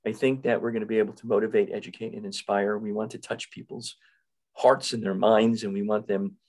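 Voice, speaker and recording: A man's voice: fairly low pitch, husky, poor audio. A man with a North Jersey accent hosting a podcast, chatting eagerly and often repeating himself as he restarts. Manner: enthusiastic, repeats words and restarts. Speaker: podcast host. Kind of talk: casual interview chat.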